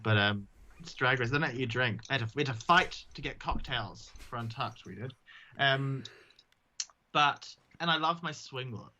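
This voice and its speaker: Male drag queen guest, casual and self-mocking, bright voice on slightly dull audio. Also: mid-range voice, expressive, moderate pace. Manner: chatty, self-mocking, slips into silly voices. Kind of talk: casual interview chat.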